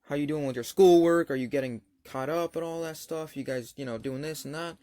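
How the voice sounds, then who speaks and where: Dude doing his mom's voice, suspicious and nagging, pitched up a bit, dry sound. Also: fairly quick, warm tone, no echo, close to an everyday voice. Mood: prying. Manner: questioning, mildly scolding. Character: suspicious nagging middle-aged mother.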